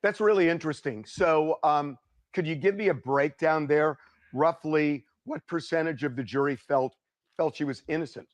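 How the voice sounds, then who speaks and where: A man interviewing a juror in a news-style interview, asking brisk, prompting questions. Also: a little high, dry recording.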